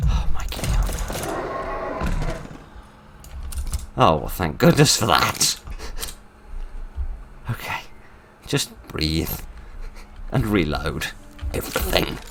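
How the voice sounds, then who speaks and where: A man narrating a game playthrough, with theatrical polite exasperation that swings from loud outbursts to quiet murmurs. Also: deep voice, big pitch swings, slow pace, long pauses, noisy background. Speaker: gaming video host. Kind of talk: let's play commentary.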